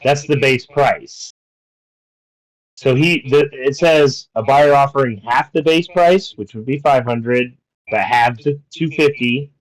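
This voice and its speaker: Guy dm'ing a tabletop game, average pitch, walks everyone through the rules. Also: takes it slowly, rough recording. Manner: explains rules, apologetic over mix-ups. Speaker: dungeon master.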